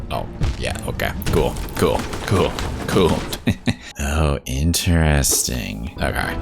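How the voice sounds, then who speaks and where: Male gaming YouTuber with a low, gravelly voice and a lively, up-and-down delivery. Exasperated play-by-play commentary with music underneath. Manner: exasperated, swears and says "dude" a lot. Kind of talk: casual gameplay commentary.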